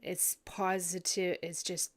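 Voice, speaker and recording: A woman giving a psychic reading in a vlog, hesitant and full of pauses, tearful and sniffly. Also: lowish voice, flat delivery. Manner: hesitant, many ums and restarts. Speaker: psychic reader. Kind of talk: emotional psychic commentary vlog.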